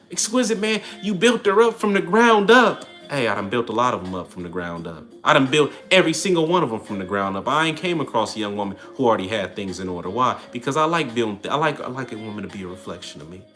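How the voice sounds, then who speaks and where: A man hosting a livestream, giving blunt relationship advice in casual chat while answering viewers. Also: fairly low pitch. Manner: blunt, streetwise, animated preaching to chat. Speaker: livestream host.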